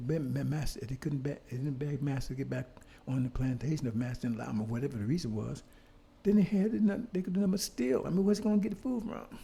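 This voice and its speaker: A man's voice: fairly high pitch, vocal fry, mellow. An older man giving a fiery lecture, pounding on repeated rhetorical questions and swearing now and then. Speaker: speaker on history. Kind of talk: impassioned street-style lecture.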